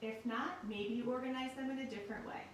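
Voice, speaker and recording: A woman teacher giving a recorded lesson in a slow, clear and patient way. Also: on the high side, fairly even intonation, a little hiss or hum. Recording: very echoey room, mic at a distance.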